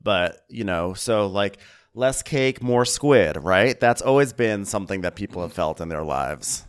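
Laughing low-voiced male co-host. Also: expressive, measured pace, clear, resonant tone. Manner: laughing, chatty, playful asides. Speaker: podcast co-host. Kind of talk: casual comedic recap chat.

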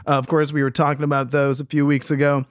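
A man's voice: fairly high pitch, level tone, quick pace, no echo, studio quality. A man from Ohio co-hosting a podcast, making disgusted, incredulous political remarks. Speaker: podcast co-host. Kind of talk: casual political commentary.

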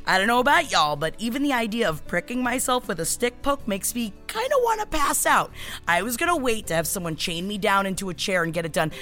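Female co-host, animated swoops, brash comic ad read over soft music. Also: high voice. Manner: brash, lively, comic self-deprecating. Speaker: podcast co-host. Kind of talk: casual chat and host-read ad.

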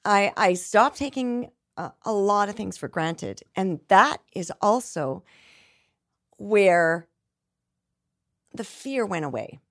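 A woman's voice: mid-range voice, expressive, slow pace, long pauses, dry recording, studio quality. A middle-aged woman singer talking earnestly as a podcast guest, reflective, with frequent restarts and some stretched-out words. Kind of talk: candid conversational interview.

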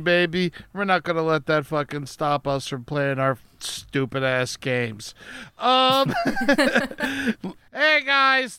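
A man hosting a casual comedy podcast from home, upbeat and quick to laugh. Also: sits high, bright, forceful tone, clear, resonant tone, no room sound. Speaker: podcast host. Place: home setup during lockdown.

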